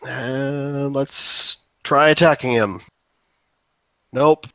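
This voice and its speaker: A man taking his turn at a tabletop game, describing his attacks in a calm, plain way. His voice is steady and unhurried in tone. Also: medium pitch, smooth, dry recording, low-quality recording. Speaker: player.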